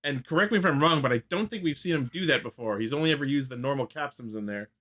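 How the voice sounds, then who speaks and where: A man's voice: medium pitch, fast talker, sharp tone. A man co-hosting a casual fan podcast, recapping episode plot in detail with enthusiasm and casual swearing. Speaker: podcast co-host.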